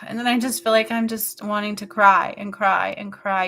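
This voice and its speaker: A woman leads an intuitive healing session in a soft, intimate voice that sounds bright and clear. She talks slowly and haltingly, drifting between thoughts with plenty of fillers, and her tone stays emotional throughout. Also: mid-range voice, steady tone, a little hiss or hum. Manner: slow, halting, meandering with many fillers. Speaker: spiritual healer.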